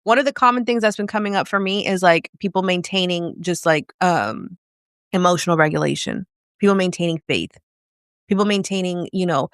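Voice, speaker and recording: Woman business coach, casual and direct, smooth clear voice, dry close mic. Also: on the low side, a little fast, no echo. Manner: casual, direct, asks many questions. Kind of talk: live video coaching talk.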